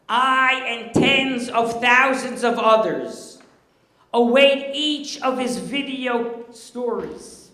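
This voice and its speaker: A man giving a formal introduction of the guest speaker at a banquet, in a measured, formal tone. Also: extremely high pitch, bright, forceful tone. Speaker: event presenter. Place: banquet hall. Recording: echoey hall.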